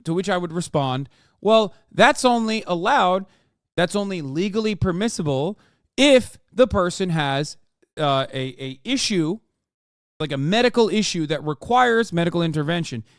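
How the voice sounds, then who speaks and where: Reacting to a political interview on stream, a man in his thirties rants profanely and battles his chat. His slightly high voice is expressive, clear and resonant, at normal speed. It's a studio-quality recording without echo.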